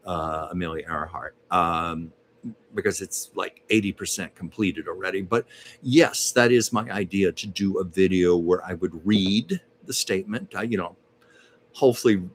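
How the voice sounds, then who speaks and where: A man's voice: low-pitched, a little hiss or hum. A man hosting a casual livestream at home, chatting and reading viewer comments aloud as a psychic medium.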